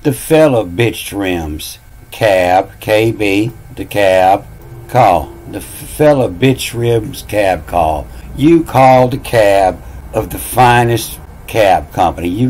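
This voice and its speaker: A man's voice: lowish voice, a little mellow, a little hiss or hum, poor audio. A man talking through word meanings in a casual monologue, musing aloud, repeating phrases and spelling words out letter by letter. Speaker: channel host.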